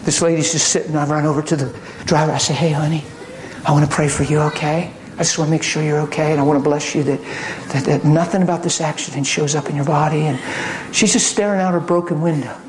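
Animated preacher telling a story. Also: male voice, fairly high pitch, quick pace. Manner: animated, acts out quotes, swings between loud and hushed. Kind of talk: sermon storytelling.

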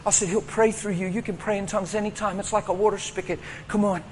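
A pastor telling a story in a sermon, animated and acting out voices, laughing often. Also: male voice, sits high, fast talker, a little hiss or hum. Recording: hall reverb, faint ambience.

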